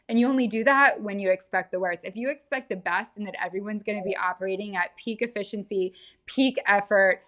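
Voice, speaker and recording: A woman's voice: mid-range voice, fairly bright tone. Emphatic woman podcast co-host. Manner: emphatic, sympathetic, builds points with repetition. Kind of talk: casual chat.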